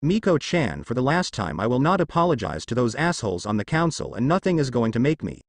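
A man's voice: mid-range voice, big pitch swings, fast talker, dry recording. A man voicing a cold, domineering young male ninja who growls and speaks darkly, in a fanfic audio story. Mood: cold menace.

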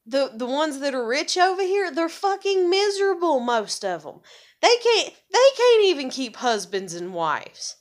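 An American woman rants to her audience, her slightly high voice full of swearing and irritation. She rambles, circles back, and her pitch leaps when she gets heated and close to tears. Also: big pitch swings, normal speed. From USA. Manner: angry, profane and rambling. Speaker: vlogger. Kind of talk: ranting monologue.

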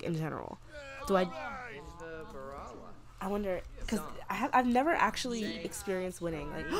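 A young woman casually commentating a life-simulation game, chatty and excitable. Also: lowish voice. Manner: chatty, excitable, with frequent gasps and laughs. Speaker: gaming video creator. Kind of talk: casual let's-play commentary.

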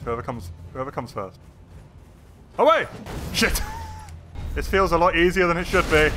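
A man streaming gameplay, excitable and swearing often while chatting to the characters on screen. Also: a little high. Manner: excitable, swears a lot, talks to game characters. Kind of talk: live gameplay commentary.

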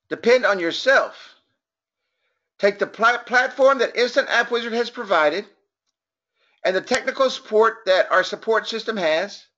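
A man's voice: high-pitched, fairly bright tone, highs cut off. A man from Texas with a Texan accent running a motivational business training webinar, folksy and upbeat, joking and chatting with attendees.

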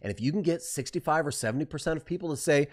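A man teaching design on a live stream, talking fast and excitedly, driving points home with rhetorical questions. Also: on the high side.

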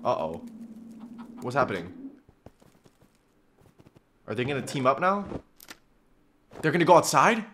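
A man giving casual reaction commentary on a cartoon, excitable and slangy, laughing often. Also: mid-range voice, unhurried, long pauses, slight background noise.

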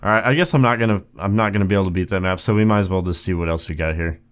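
A man's voice: low-pitched, rapid-fire. A young man casually commenting on a video game as he plays, yelping and laughing at the mishaps and cracking wry jokes. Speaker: gaming YouTuber. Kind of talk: casual let's play commentary.

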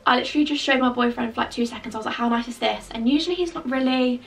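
A young woman chatting excitedly through a clothing try-on haul, gushing and full of fillers. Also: sits high, rapid-fire, vocal fry. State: out of breath. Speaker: fashion vlogger. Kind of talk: casual try-on haul chat. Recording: distant mic with faint background music.

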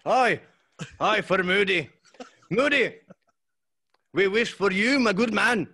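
A man voicing a boastful Viking warrior, loud and theatrical, on a casual gaming podcast. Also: very high voice, pitched above the performer's own voice, exaggerated voice. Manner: loud, theatrical, grandiose well-wishing.

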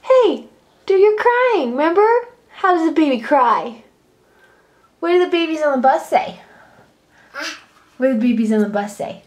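A woman's voice: sits high, lively intonation, normal speed, long pauses, darkish tone. A mother at home playing with her toddler, talking in a coaxing, singsong baby-talk voice and laughing often.

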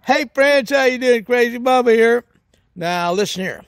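A very high-pitched, smooth male voice comes through at a moderate pace on a dry recording. As a comedy sketch character host, he plays a goofy rural hillbilly in a monologue, drawling folksily and whooping with hoots and cackles.

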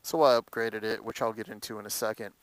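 A man's voice: lowish voice, steady tone, fast, a bit bright, dry recording, rough recording. A man vlogging casually about his motorcycle, rambling with lots of fillers and telling his story with animation. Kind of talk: casual chat.

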